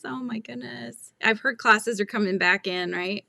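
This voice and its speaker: Chatty woman with a gravelly edge. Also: fairly high pitch, a little slow, hardly any pauses, dry recording. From California. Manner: thinks aloud, reads viewer comments and pattern steps softly. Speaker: crochet livestream host. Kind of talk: casual live chat while crocheting.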